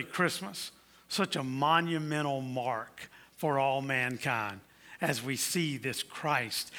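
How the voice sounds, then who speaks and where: Man, pastor, sermon, emphatic preaching, ringing bright tone. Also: a little high. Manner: preaching with rising emphatic declarations.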